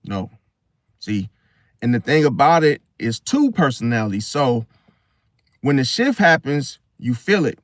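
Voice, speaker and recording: A man talking casually to the camera about a star sign. He often ends a point with a low, quiet "see?". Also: no echo, studio quality. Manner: conversational, repeats "see?" with a dropping voice. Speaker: astrology video host. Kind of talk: casual monologue.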